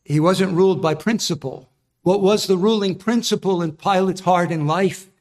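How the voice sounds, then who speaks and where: A man's voice: high voice, moderate pace, a little mellow. Earnest male preacher. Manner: earnest, emphatic, explanatory. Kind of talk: sermon.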